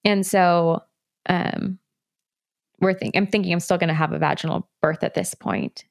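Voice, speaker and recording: A woman's voice: on the low side, fairly even intonation, normal speed, creaky. A woman in her thirties telling a personal story in a candid, rambling way, with laughs along the way. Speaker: guest.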